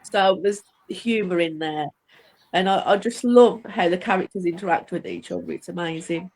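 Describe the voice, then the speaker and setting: A woman's voice: on the low side, moderate pace, darkish tone, poor audio. Enthusiastic woman author, rambling. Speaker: author guest. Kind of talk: casual chat.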